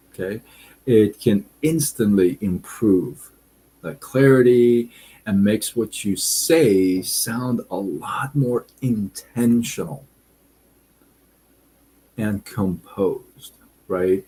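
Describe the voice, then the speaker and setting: A man hosting a casual live stream, reading viewer comments and talking in a relaxed, deliberate way with frequent fillers. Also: lowish voice, slightly rough, rough recording.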